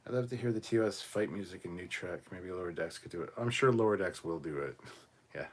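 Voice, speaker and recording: A man co-hosting a relaxed livestream chat from a room at home, reading viewer comments aloud and swearing freely. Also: low-pitched, fast talker. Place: home room cluttered with costumes.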